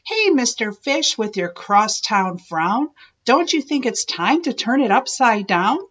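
A grinning, friendly female clam from a children's storybook, put on by a woman reading aloud. She coaxes in bright, lilting rhyme, her husky voice lifting a little higher. The sound is dull and lo-fi. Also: big pitch swings, a little slow, exaggerated voice. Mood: coaxing. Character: cheery female clam with a wide grin.

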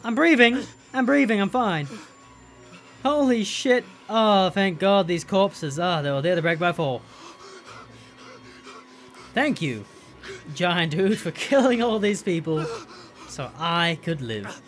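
A gamer giving profane, exasperated running commentary over a horror game and yelling at the screen in bursts. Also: mid-range voice, expressive, takes it slowly, pauses often, soft background music. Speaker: let's play gamer. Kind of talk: live gameplay commentary.

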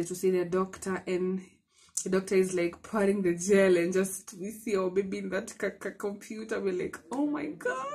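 A young woman with a Kenyan accent, telling a personal story to her viewers in an excitable, chatty way. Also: mid-range voice, husky. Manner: chatty and excitable, mixing in Swahili, many restarts. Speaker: vlogger. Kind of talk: casual storytelling to camera.

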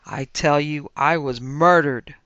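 A man rasping as a vengeful skeleton wizard. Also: on the high side, takes it slowly, a bit bright, no echo. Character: undead wizard uncle skeleton, querulous and vengeful. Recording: dull lo-fi with faint music.

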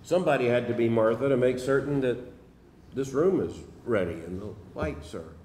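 A man's voice: mid-range voice, lively intonation, moderate pace, a little mellow, slight background noise. A middle-aged man preaching a sermon in a seminary chapel, emphatic and driving his points home by repeating phrases. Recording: echoey hall from a distance.

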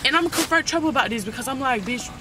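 A woman's voice: high-pitched, expressive, very fast. A young woman, a reality show cast member, telling a heated story in casual speech and cussing a lot. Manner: heated, exasperated venting with lots of cussing. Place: outdoors at night, then heading indoors. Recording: distant mic with loud background noise.

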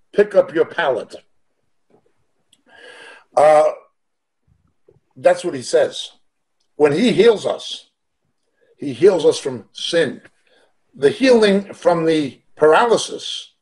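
A man's voice: on the high side, vocal fry, darkish tone. A middle-aged man teaching the Bible over a video call, earnest and emphatic, asking rhetorical questions as he preaches.

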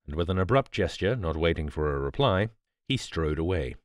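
A man narrating a bedtime audiobook in a calm, measured storytelling manner. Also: low voice, dry recording, studio quality.

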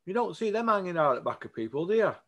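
Racing along in a high-pitched voice, a boxing vlogger rants casually to camera. He's blunt and animated, constantly seeking agreement from his audience.

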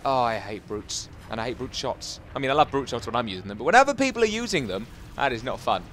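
A man giving jokey, excitable commentary as he plays a video game, chatting to his viewers and taunting enemies. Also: medium pitch, quick pace, a little hiss or hum. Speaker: gaming YouTuber. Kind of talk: casual Let's Play commentary.

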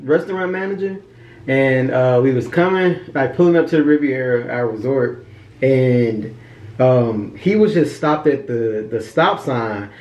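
A man casually adding details to a shared story in a relaxed way. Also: mid-range voice, unhurried. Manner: relaxed, chimes in to add details. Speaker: co-host. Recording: roomy and slightly muffled.

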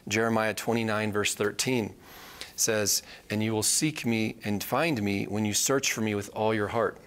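A man's voice: on the low side, steady tone, moderate pace, a bit bright. A man teaching a live Bible study, earnest and repeating key phrases for emphasis.

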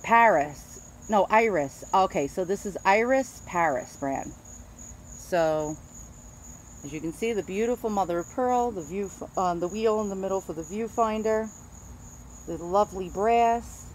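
A woman's voice: medium pitch, unhurried, slight background noise. A middle-aged woman with a Queens, New York accent, chatting casually as she shows off antiques and stumbles over names. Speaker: antique dealer. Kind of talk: casual show-and-tell.

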